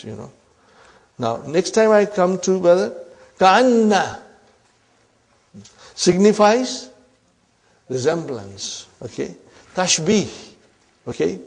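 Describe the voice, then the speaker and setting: A man teaching Arabic grammar in a slow, drawn-out lecture, often checking in with his class. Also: fairly high pitch, animated, a little mellow.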